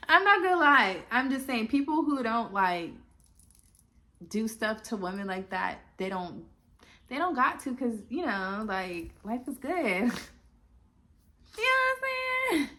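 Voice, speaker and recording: A woman's voice: on the high side, big pitch swings, slow, long pauses, sharp tone. Rambling chatty woman vlogger. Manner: rambling, chatty, full of filler asides. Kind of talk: casual chat to camera.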